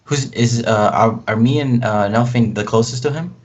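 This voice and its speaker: A man playing a tabletop game who explains rules at length and speaks haltingly. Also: medium pitch, darkish tone. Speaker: player. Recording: dull lo-fi voice chat audio.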